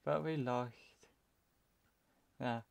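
A young British let's play commentator drags out his words in a mid-range voice with vocal fry and fairly even intonation. He rambles to himself through casual game commentary, drifting off mid-sentence, and the recording is dry.

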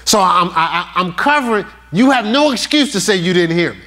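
A male pastor preaching a sermon, talking straight to the congregation and reading scripture aloud slowly. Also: high voice. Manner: animated, talks straight to the congregation with questions.

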